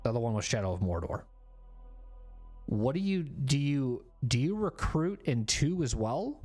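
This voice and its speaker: On his gaming stream, a man in his forties talks casually in a mid-range, darkish, sing-song voice at normal speed. Faint music plays behind him as he rambles, says things over again, and makes self-deprecating jokes.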